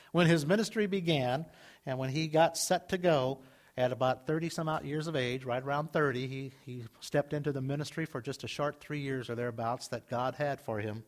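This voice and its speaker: A man preaching a sermon in a conversational way, swinging between loud, emphatic lines and quiet asides. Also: a little high. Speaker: pastor.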